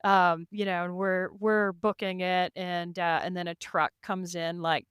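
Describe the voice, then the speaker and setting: Chatty woman guest, low-ish, very smooth clear tone, laughs often. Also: level tone, a little slow, a bit bright, dry recording, studio quality. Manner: chatty, laughing, full of "you know" and "like". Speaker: podcast guest, endurance race rider. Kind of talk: casual interview storytelling.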